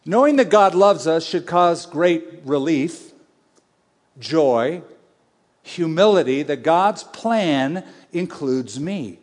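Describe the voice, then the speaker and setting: Guy preaching, kinda high voice, goes loud then real quiet, big echoey hall. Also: animated, slow pace. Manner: emphatic, conversational, swings between loud and hushed. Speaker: pastor. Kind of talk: sermon. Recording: long reverb of a large hall.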